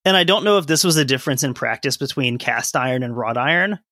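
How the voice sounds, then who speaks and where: Bright-voiced man chatting on a history podcast. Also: medium pitch, expressive, fast talker, no room sound, studio quality. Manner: conversational, explains and reads from sources with asides. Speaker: podcast co-host. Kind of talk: casual history podcast chat.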